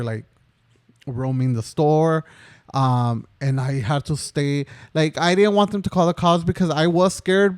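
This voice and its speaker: A man's voice: mid-range voice, a little mellow, clean tone, no echo. A young man in his twenties, co-hosting a podcast, telling a personal story in a casual, rambling way with many fillers. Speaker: podcast co-host.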